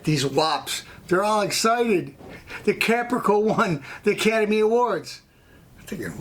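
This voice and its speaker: An American man hosts his own show, delivering a long, blunt, opinionated monologue that rambles and wanders off on tangents. His voice sits high and is a bit bright, with lively intonation and a slightly slow pace. A little hiss or hum runs under the recording.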